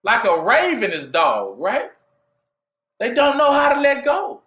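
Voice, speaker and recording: A man preaching a call-and-response sermon, asking "what?" for the listeners to fill in and rising to shouts at his peaks. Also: very high-pitched, wildly swooping pitch, a little slow, echoey room. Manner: asks "what?" for the audience to fill in.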